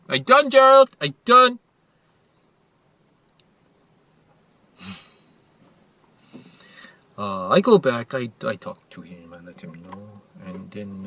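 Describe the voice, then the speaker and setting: A man playing an intense, earnest male motivational guru who speaks broken English and swings between whispers and loud outbursts, in a character monologue to camera. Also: medium pitch, slightly rough. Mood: excited. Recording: distant mic with faint ambient noise.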